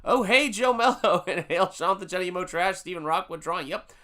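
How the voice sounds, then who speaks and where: A man's voice: sits high, a little fast, sharp tone. An upbeat American man hosting a live painting stream, greeting viewers from the chat by name with casual fillers. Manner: upbeat, reading out chat names with frequent fillers. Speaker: livestream host and painter.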